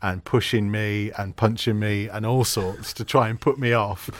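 A middle-aged man hosting a podcast, telling stories in an animated, laughing way. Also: fairly low pitch, normal speed, dry recording. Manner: animated storyteller, laughs often. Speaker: podcast host. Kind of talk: casual podcast chat.

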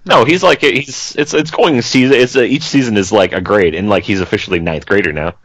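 Young man, fairly low voice, casual podcast chat, salty language, dry close sound. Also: fairly quick, no room sound. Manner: swears casually, laughs often.

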